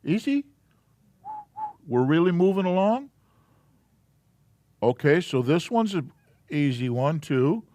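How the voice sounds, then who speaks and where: A man's voice: a little high, sing-song, slow, pauses often, warm tone, no echo. A man teaching the Hebrew alphabet to a live class in a church, patiently walking through letters and sounds step by step.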